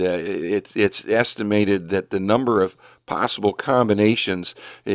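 A man's voice: lowish voice, dry recording, clean studio sound. An older man from Northeast Ohio hosting a Christian radio program, who rambles unhurriedly with many fillers and restarts and also prays and reads scripture aloud. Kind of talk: casual radio talk with prayer and scripture reading. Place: radio studio.

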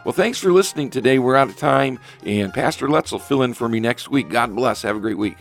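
A man's voice: mid-range voice, lively intonation, a little fast, vocal fry, soft background music. A man who hosts a radio program as a pastor, preaching in an earnest, emphatic way with frequent ums and restarts. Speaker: pastor and radio show host. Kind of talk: radio talk show preaching.

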